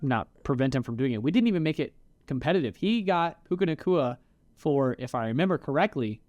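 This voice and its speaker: A man's voice: mid-range voice, fairly quick, dry recording. A man co-hosting a podcast in a casual, joking chat with a friend. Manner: animated, joking banter. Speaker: podcast co-host. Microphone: podcast mic.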